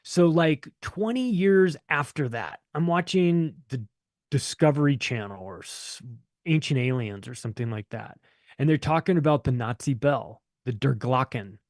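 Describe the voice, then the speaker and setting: Speaking at normal speed with lively intonation, a man with a darkish, mid-range voice tells a meandering, profanity-laced anecdote as a podcast guest. He mimics the voices of those he quotes, and his voice comes across dry and close, without any room sound.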